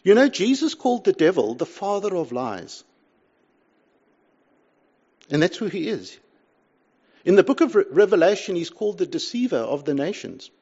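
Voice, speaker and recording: An older man preaching a sermon, swinging between loud pleas and hushed asides. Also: sits high, big pitch swings, moderate pace, vocal fry, long pauses, breathy edge, dull audio. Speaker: pastor.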